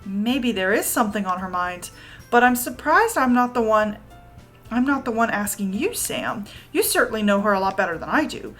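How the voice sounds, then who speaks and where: A woman reading the lines of a composed, polite schoolgirl club president in a calm, measured way. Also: fairly high pitch, faint music behind.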